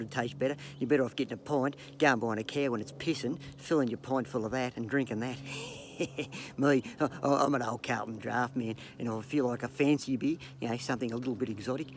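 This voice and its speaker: Australian bloke, gravelly, profane joke-spinner who laughs at himself. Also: male voice, mid-range voice, a little hiss or hum. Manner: profane, joking, laughs at his own gags; hesitant fillers and restarts. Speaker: comedic vlogger. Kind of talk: rambling yarn-telling to camera.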